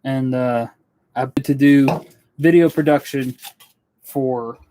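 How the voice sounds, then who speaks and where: On a live stream from his indoor studio workspace, a young woodworking YouTuber from Western North Carolina talks casually and earnestly with viewers, rambling and interrupting himself. His mid-range voice is steady and warm, and he speaks slowly. There's a little hiss or hum in the recording.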